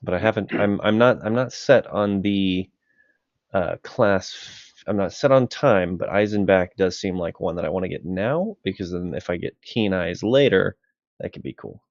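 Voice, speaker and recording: Low gravelly man, muffled call audio. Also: normal speed, darkish tone, no room sound. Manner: thinks aloud with many hesitations. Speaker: player. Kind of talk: casual tabletop game chat.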